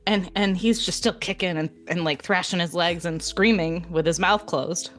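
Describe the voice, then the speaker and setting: Young adult female podcast co-host, low-pitched and chatty, storyteller energy over faint music. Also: normal speed. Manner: animated, laughing retelling with many fillers. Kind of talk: casual storytelling chat.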